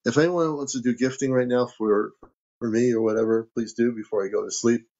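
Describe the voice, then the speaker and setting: Male livestream host with a low, gravelly voice, chatty and thankful to viewers, on a dull lo-fi home stream. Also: steady tone, fairly quick, a little mellow. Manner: reads viewer comments and thanks gifters. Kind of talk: casual livestream chat.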